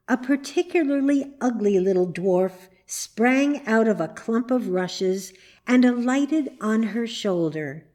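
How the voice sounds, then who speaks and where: A woman reading a children's story aloud in measured, gentle narration. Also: mid-range voice. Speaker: reader. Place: church.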